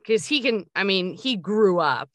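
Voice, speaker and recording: A woman's voice: mid-range voice, lively intonation, a little slow, fairly bright tone, no room sound. A woman co-hosting a podcast, chatting casually, going off on tangents with many fillers. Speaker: podcast co-host. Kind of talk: casual chat.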